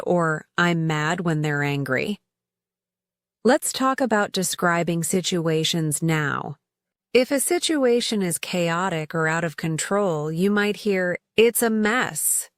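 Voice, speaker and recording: A woman gives a scripted English lesson at an unhurried pace. She talks in a dry, close-sounding room. Her voice jumps up brightly whenever she acts out an example phrase. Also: fairly low pitch, no room sound. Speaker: English teacher.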